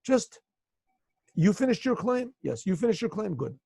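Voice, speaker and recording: A man's voice: high voice, big pitch swings, normal speed, vocal fry, warm tone, breathy edge, no room sound, voice pushed up, heavily acted. A man voicing a wise rabbi patiently settling a land dispute in a told story. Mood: calm, firm. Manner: patient, firm instructions. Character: calm wise older rabbi judging a dispute.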